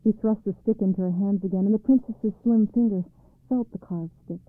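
Woman reading a story slow and calm, tinny phone-y sound, bone dry. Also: medium pitch, no echo. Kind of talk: storybook narration.

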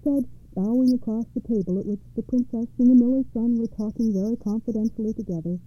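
Lady reading a fairy tale, fairly high voice, sounds tinny like over a phone. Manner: measured, expressive storytelling. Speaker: storyteller on a radio program. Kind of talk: fairy tale read-aloud narration.

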